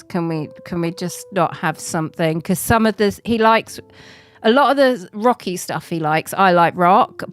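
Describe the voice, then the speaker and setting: A woman's voice: on the low side, smooth. A woman in her forties chatting casually to viewers on a live stream, rambling and laughing often. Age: 40s.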